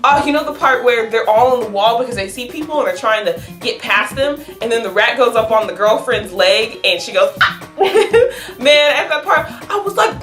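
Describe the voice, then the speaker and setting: A woman chatting excitedly through a casual movie review, laughing often as she talks. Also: on the high side, normal speed. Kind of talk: casual spoiler review chat. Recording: echoey room with faint music.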